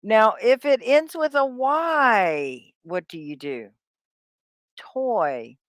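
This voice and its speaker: A woman runs a live-streamed English lesson, and her voice rises and falls in wide, lively swoops. She talks slowly, drawing out sounds to model them, and drops chatty asides to her viewers. The sound is dry and close, as if she is at a desk with a webcam. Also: a little high, dry recording. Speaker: ESL teacher.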